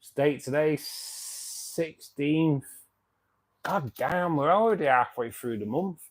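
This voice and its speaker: This fish-keeping livestream host, a man in his fifties, talks slowly in a rather high, expressive voice, his throat dry. He keeps things chatty and jokey, thanking viewers by name.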